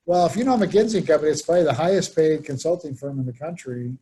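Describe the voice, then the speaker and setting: A man's voice: fairly high pitch, quick pace, few pauses, warm tone. A man presenting a workshop, telling anecdotes and acting out the people he quotes. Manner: storytelling, acts out quoted voices. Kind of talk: conversational workshop talk.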